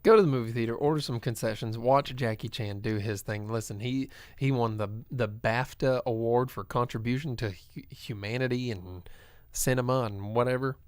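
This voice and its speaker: A man's voice: mid-range voice, moderate pace, clear, resonant tone, no echo, clean studio sound. A man co-hosting a casual live talk show, who chats easily and reads out comments from viewers. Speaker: podcast co-host. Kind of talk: casual chat.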